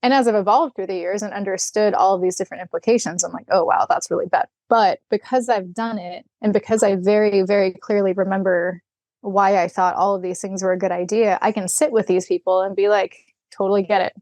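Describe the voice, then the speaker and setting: A woman guest on a podcast interview, telling stories in a candid, animated way, acting out bits of dialogue and laughing often. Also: medium pitch, a little fast, no echo. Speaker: guest, equine rehabilitator. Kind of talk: podcast interview, casual storytelling.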